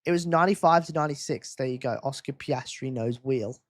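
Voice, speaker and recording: A man's voice: mid-range voice, a little fast, dry recording, studio quality. A man hosting a live race-watch quiz stream, teasing viewers in casual chat.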